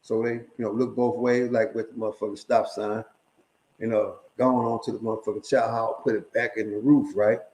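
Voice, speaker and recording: A man's voice: on the low side, little pitch movement, moderate pace, a little mellow. A middle-aged man casually telling a story, streetwise and profane, often checking in with his listeners. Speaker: storyteller sharing prison stories. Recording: echoey room.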